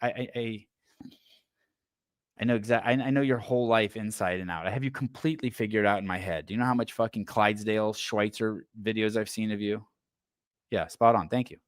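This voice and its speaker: A man's voice: lowish voice, a little fast, no echo, clean studio sound. A man hosting a podcast in a casual livestream chat, riffing in a rambling, profane way with stammered restarts. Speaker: podcast host.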